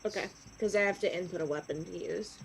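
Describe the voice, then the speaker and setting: A woman playing a tabletop game, asking quick, teasing questions. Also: lowish voice, vocal fry, a little hiss or hum. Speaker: player. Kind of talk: casual chat at a game table.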